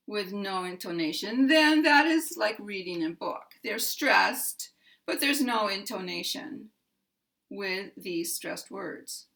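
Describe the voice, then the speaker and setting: An American woman teaches pronunciation slowly and carefully, setting out each rule in a measured way and saying her example sentences clearly. Her voice is at an ordinary middle pitch with a sharp tone.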